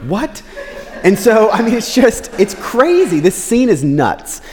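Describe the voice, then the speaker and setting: A man preaching a sermon as a pastor, talking casually and often checking in with "right?", and he jumps in pitch when acting out quotes. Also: big pitch swings, a little slow, a little mellow. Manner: conversational, keeps asking "right?". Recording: long reverb of a large hall.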